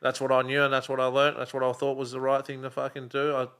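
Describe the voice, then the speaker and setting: A man's voice: medium pitch, completely flat delivery, fast, fairly bright tone, clear, resonant tone. A middle-aged man with an Australian accent, a podcast guest in casual chat who talks bluntly, swears often and fills his talk with "you know.". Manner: blunt, swears a lot, many fillers.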